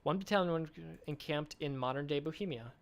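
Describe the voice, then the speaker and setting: A man's voice: a little high, brisk. A man hosting a game developer live stream in a casual chat, reading viewer comments aloud and answering them with enthusiasm. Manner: enthusiastic, chatty.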